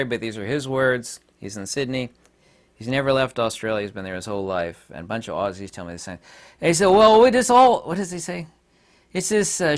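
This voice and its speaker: A man's voice: mid-range voice, fairly bright tone. A man hosting his own opinion vlog, talking in an emphatic, rambling, indignant way. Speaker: channel host.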